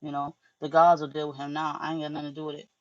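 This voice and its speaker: Profane, animated woman spiritual vlogger. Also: low-pitched, very fast, no echo, dull audio. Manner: loose, profane, animated storytelling. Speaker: spiritual teacher. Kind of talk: casual spiritual monologue.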